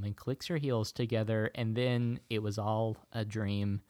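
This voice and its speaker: A man from Tennessee casually retelling a movie plot to a friend, rambling with fillers and quick quoted voices. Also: on the low side, fairly even intonation, darkish tone, no room sound. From Chattanooga, Tennessee.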